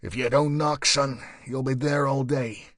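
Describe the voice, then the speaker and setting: A man voicing a gruff, hulking male sergeant with a deep, angry voice and an accent mixing East Coast American and Belfast. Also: steady tone, a little slow, fairly bright tone, dry recording, clean studio sound, close to an everyday voice. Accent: mix of East Coast American and Belfast.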